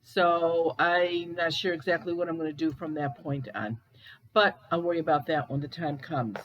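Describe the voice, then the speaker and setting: A woman from Cleveland, Ohio, telling ghost stories in a casual, halting way, with pauses and restarts. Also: low voice, fairly even intonation, dull audio. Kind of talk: casual storytelling.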